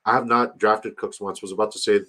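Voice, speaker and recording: A man's voice: fairly low pitch, flat delivery, a little fast, bright, forceful tone. A man hosting a livestream, chatting loosely, swearing and talking straight to his chat. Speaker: livestream host. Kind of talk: casual chat.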